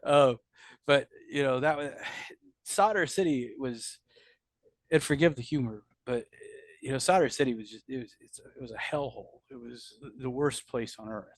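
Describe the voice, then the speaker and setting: In an open, story-driven interview, a middle-aged veteran shares war memories in a mid-range voice at moderate speed. His delivery is profane and blunt, full of restarts, and the audio carries no echo.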